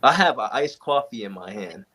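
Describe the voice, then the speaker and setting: Young man telling stories, animated. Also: lowish voice, normal speed, slight background noise. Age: young adult. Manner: animated storyteller, acts out quoted exchanges. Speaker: panel guest. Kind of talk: casual storytelling in a group chat.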